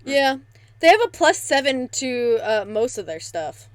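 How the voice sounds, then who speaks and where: Brash, higher-voiced woman tabletop player. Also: unhurried, no echo. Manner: brash, excitable, swears freely. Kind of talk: casual tabletop game chat on a live stream.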